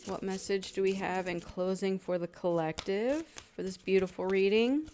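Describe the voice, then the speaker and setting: A woman's voice: mid-range voice, moderate pace, faint music behind. A woman giving an intuitive tarot reading in a casual, conversational way, filling her talk with "like" and acting out quoted people. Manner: conversational, chatty with many "like" fillers; acts out quoted people in lively voices. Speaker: tarot reader.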